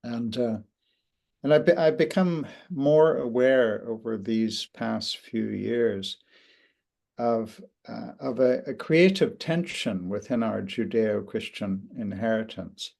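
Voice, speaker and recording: An older man speaks in a reflective interview, taking his time and often restarting his sentences. His voice is mid-pitched with a gravelly edge. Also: darkish tone. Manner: thoughtful, halting with frequent restarts and fillers. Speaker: interview guest, author.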